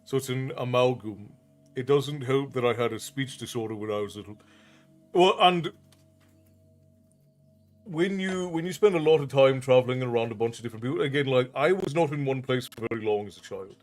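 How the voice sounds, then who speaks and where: Talking fairly quickly in a medium-pitched voice, a storytelling streamer from Ireland answers viewer comments aloud during a live stream. His Irish accent is unusual, and soft music plays in the background.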